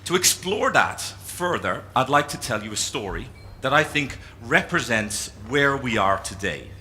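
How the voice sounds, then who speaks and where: Irish male keynote speaker, animated delivery with wide swings, bright ringing voice, faint room noise. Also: medium pitch, measured pace. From Ireland. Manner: animated storyteller, drawing as he speaks. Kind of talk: live talk to an audience. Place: conference room with an audience.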